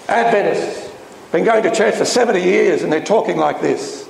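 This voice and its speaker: A man preaches a sermon in an emphatic style, often asking rhetorical questions. His pitch swings up and down, and his voice sits a little on the high side. The recording is roomy, with a long hall reverb and faint background noise. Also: moderate pace, gravelly.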